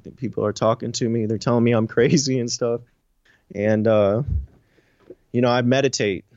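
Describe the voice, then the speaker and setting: A man's voice: mid-range voice, clear, resonant tone, no room sound, dull audio. A man telling a raw personal story. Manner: animated, profane, filler-heavy storytelling. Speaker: interview guest.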